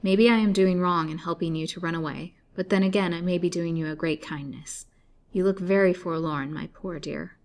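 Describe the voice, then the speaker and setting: A woman reading a storybook, voicing a warm, motherly elderly countrywoman who speaks softly and soothingly. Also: fairly low pitch, fairly even intonation, normal speed, close to an everyday voice. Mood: kindly.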